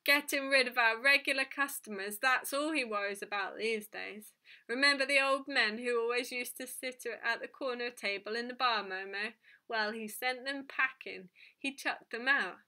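A woman's voice: fairly high pitch, measured pace, sharp tone. A woman voicing a brusque, scolding tavern wife. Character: plump, brusque middle-aged woman tavern keeper.

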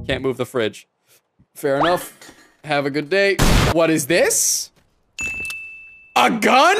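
A man recording gameplay commentary, excitable, yelling and ranting at objects in the game, with sarcastic self-talk. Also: a little high, takes it slowly, creaky, long pauses, loud music behind the voice. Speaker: gaming video host. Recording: loud game sounds and mouse clicks behind.

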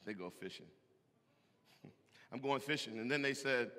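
A man preaching a sermon, animated and emphatic, with loud bursts and call-and-response to the congregation. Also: mid-range voice, a little slow. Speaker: pastor. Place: large church hall. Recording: echoey hall from a distance.

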